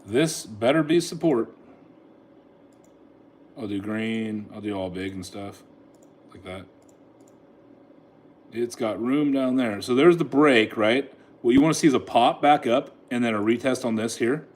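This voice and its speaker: A man's voice: medium pitch, unhurried, long pauses. Man narrating his live trades casually. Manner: excitable, talks to the chart, laughs often. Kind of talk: casual live trading commentary. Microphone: phone held in hand.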